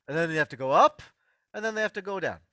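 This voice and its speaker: A high, bright-voiced man gives an emphatic motivational health lecture, swooping up and down in pitch as he repeats his key points. He talks straight to his online audience, and the sound is close and dry. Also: lively intonation, quick pace, no room sound. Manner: emphatic, repeats key phrases, addresses listeners directly. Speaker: host of an online healing workshop.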